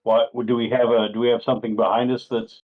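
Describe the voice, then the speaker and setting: A man playing a tabletop game, cracking jokes and giving quick in-game orders. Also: medium pitch, little pitch movement. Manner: jokey, playful quips. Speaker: player. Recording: tinny phone-like call audio.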